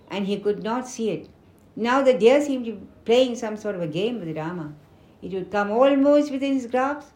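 A woman narrating a storybook with expressive, dramatic delivery. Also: mid-range voice. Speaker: book reader. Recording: roomy echoing room.

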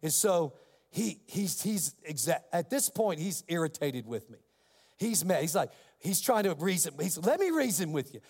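A male pastor with a high voice delivers an animated sermon story, switching into the voices of the people in it. His words ring with the long reverb of a large hall. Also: unhurried, slightly rough.

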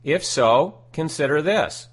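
A man giving scripted self-help teaching in a deliberate, emphatic way, repeating his key phrases. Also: fairly high pitch, animated, slightly rough.

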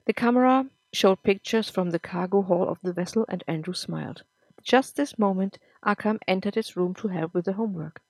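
Female podcast narrator reading a serial story, steady and plain, dry close mic. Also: medium pitch, brisk, no room sound.

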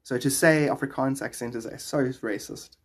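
A man's voice: mid-range voice, moderate pace. A young South African man chatting casually with his live stream viewers, rambling and laughing often.

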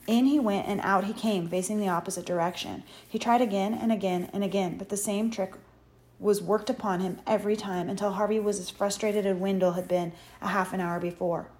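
Mellow woman narrating a story. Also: medium pitch. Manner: measured, expressive storytelling. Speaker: audiobook narrator. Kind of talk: scripted narration.

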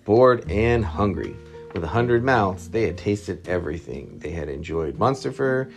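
A man reading a storybook aloud to his child, lively and expressive, with a gravelly voice. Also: fairly low pitch, a little slow, soft background music. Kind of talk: bedtime story read-aloud.

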